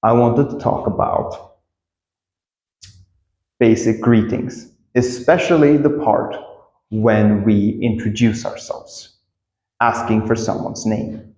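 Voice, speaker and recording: A man teaching a casual English lesson, repeating example phrases with lively acted-out intonation. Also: on the low side, slow, pauses often, reverberant, big-room sound, low-quality recording.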